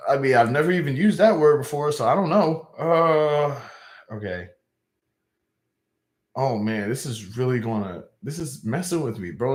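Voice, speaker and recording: Southern man in an echoey room, chatty. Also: mid-range voice. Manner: animated, repeats himself, talks to chat with slangy asides. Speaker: livestream host. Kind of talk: casual live-stream chat.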